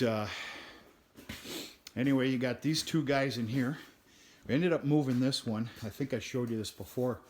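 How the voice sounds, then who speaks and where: A man's voice: mid-range voice, slight background noise. A man who raises cattle, talking casually and bluntly to camera on his farm, rambling and cursing mildly as he walks around. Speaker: cattle farmer. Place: outdoors on a farm.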